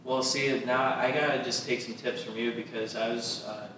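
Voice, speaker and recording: A man's voice: mid-range voice, steady tone, normal speed, background noise. Easygoing man, echoey distant mic. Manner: laid-back, agreeable, rambling with fillers. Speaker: podcast co-host, comedian. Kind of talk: casual chat.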